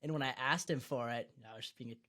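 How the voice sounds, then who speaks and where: A man's voice: mid-range voice, quick pace, bright, forceful tone. A teenage young man with a Massachusetts accent, a podcast guest chatting casually in an easygoing, earnest way. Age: teens. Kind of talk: casual chat.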